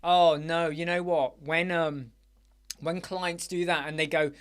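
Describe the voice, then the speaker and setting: A man hosting a live Q&A chat show, rambling and animated, with many fillers. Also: on the high side, unhurried, smooth. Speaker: host. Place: dark room with soundproof panels.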